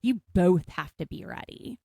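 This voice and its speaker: Brief: woman co-host, low gravelly voice, chatty and jokey, dry close sound. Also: animated, mellow, no echo. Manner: chatty, jokey, quick asides. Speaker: podcast co-host. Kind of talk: casual recap chat.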